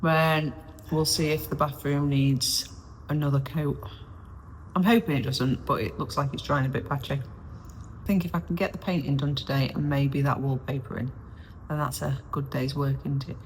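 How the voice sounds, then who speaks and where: A woman's voice: a bass voice, steady tone, moderate pace. A woman, chatting casually and self-deprecatingly to her own camera while doing DIY in a caravan, rambling and losing her train of thought. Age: 40s. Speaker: vlogger. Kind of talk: casual solo vlog chat. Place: small caravan interior under renovation, windy day. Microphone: self-filmed camera on a stabilizer, sometimes far off. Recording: echoey small room, faint wind noise.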